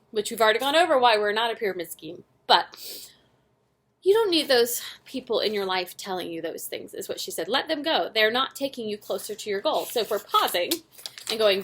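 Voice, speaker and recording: A young woman giving a casual motivational recap to her sales team, earnest and animated, often laughing at herself and using many fillers. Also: medium pitch. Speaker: direct sales team leader.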